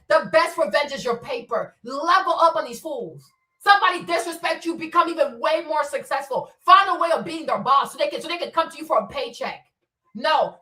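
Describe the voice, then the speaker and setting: A woman's voice: high voice, sharp tone, reverberant, recorded from a distance. A woman hosting her own commentary show, scolding bluntly with profanity and rhetorical questions. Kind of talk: opinionated solo commentary.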